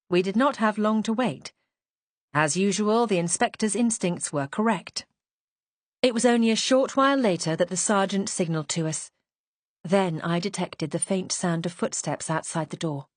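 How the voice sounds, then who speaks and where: Female audiobook narrator, mid-pitched, composed and wry, dry studio sound. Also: no room sound. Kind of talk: first-person mystery narration.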